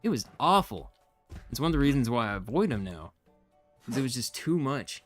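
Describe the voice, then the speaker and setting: A man's voice: mid-range voice, very animated, a little fast, over music. A young man streaming a game, chatting casually and venting in a rambling, frustrated way with lots of fillers. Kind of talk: casual live-stream chat while gaming.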